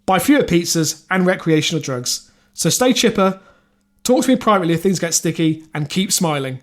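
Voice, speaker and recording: Male podcast co-host, high voice, halting news reader with lots of ums. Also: lively intonation. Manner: reads quotes aloud, halting with fillers and restarts. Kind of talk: casual comedic podcast chat.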